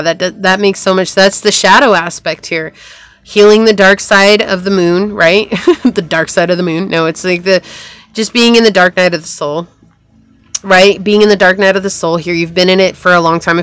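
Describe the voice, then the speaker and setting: A woman's voice: on the low side, a bit bright, no echo. A woman giving a casual tarot reading to camera, rambling and repeating phrases, with a sore throat. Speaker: tarot reader.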